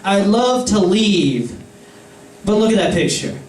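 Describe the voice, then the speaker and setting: A man's voice: sits high, big pitch swings, unhurried, noisy background. A man voicing a laid-back male slacker friend who won't leave, drawling and coaxing. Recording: echoey room, distant mic.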